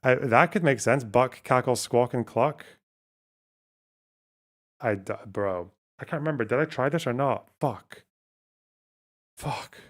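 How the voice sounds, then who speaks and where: A man's voice: mid-range voice, unhurried, pauses often. A man streaming live, thinking aloud as he plays a word puzzle, swearing often and talking to his chat. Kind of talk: casual live-stream talk while playing a word puzzle.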